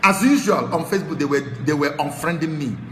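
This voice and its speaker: A Nigerian man hosting a talk show, giving impassioned political commentary that swings from low muttering to shouted tirades. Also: lively intonation, fairly quick, roomy sound, big-room sound, slight background noise. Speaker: show host.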